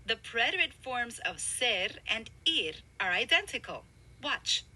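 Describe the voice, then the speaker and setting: A woman narrating a scripted grammar lesson, explaining clearly with emphasis. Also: fairly high pitch, big pitch swings, measured pace, sharp tone, poor audio. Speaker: language instructor.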